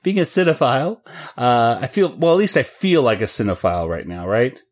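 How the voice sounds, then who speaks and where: A man's voice: mid-range voice, big pitch swings, fairly quick. Chatty man hosting a podcast. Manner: laughing, rambling with fillers. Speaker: podcast host. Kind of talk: casual podcast chat.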